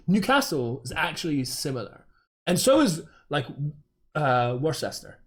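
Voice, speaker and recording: Streaming a game, a man from Dorset, England, chats in a fairly high, slightly bright voice at normal speed. Very animated, he rambles, interrupts himself and fills his speech with fillers.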